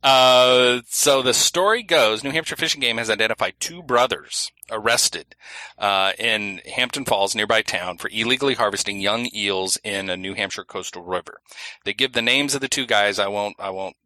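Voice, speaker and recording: A man's voice: lowish voice, moderate pace, bright, forceful tone, no room sound, rough recording. A man co-hosting a casual podcast who laughs often, reads news stories aloud and. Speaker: podcast co-host.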